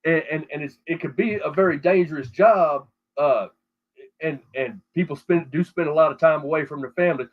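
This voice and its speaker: A man's voice: a little high, brisk. Profane Texan man spinning a yarn. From South Texas. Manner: profane, rambling, many restarts. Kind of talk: casual storytelling on a podcast. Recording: dull lo-fi audio.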